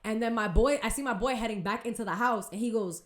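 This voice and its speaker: Animated, slangy young woman storyteller. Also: on the high side, fast talker, roomy sound. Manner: animated, swearing, slangy retelling with acted quotes. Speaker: podcast host. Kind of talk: casual storytelling chat.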